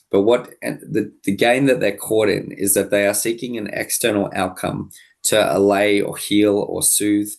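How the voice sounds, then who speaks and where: A man, a high-performance coach, guest on a podcast interview, explaining ideas reflectively with many fillers. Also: little pitch movement, moderate pace, creaky.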